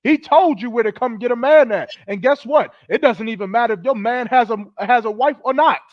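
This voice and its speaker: A man with a fairly high voice lectures his listeners, scolding and swearing as he preaches. The recording sounds dull and dry, with no room around it. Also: a little fast, dry recording. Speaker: podcast host. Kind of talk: heated commentary.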